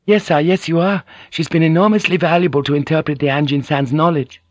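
Deferential young noblewoman, put on by a male narrator, soft, soothing, eager to please. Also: fairly high pitch, fairly even intonation, fairly quick, no room sound, pitched above the performer's own voice, natural voice. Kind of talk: audiobook character reading.

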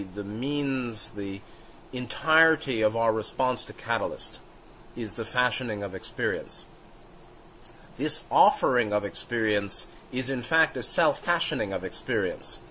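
A man's voice: mid-range voice, bright, forceful tone, a little hiss or hum, rough recording. A man giving an unscripted spiritual talk, thinking aloud with fillers and restarts and chuckling now and then. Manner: musing, halting, with frequent fillers and restarts. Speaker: teacher. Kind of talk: spontaneous spiritual teaching.

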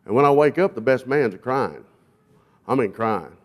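A man gives a folksy testimony from a church pulpit, mixing jokes about himself with scripture. His voice sits at a medium pitch and has an easygoing, unpolished flow full of "uh"s. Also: animated, normal speed. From South Arkansas, US. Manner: folksy, self-deprecating, with frequent fillers. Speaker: guest speaker, jail minister. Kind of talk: sermon testimony with humorous storytelling.

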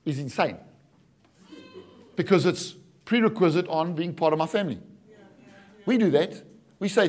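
Pastor, middle-aged man, high voice, animated preaching with jokes and calls to the congregation. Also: normal speed, long pauses. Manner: animated, jokey preaching with acted-out asides and calls of "Amen?". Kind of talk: sermon.

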